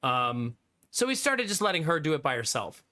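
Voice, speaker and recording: A man's voice: on the high side, very animated, moderate pace, pushed and bright. A man in his thirties, a live streamer telling a story to his viewers in casual chat, laughing often and swearing freely.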